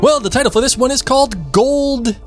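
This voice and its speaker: A man co-hosting a podcast in casual chat, animated and often laughing, with stumbling restarts. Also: very high voice, brisk, over loud music. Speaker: podcast co-host.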